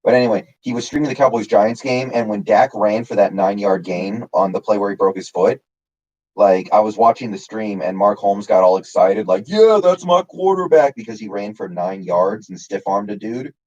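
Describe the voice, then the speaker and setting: A man's voice: lowish voice, fairly even intonation, moderate pace, darkish tone, lo-fi sound. A man casually chatting on his live stream, answering chat by name with lots of fillers. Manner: rambling, reads chat names, many fillers.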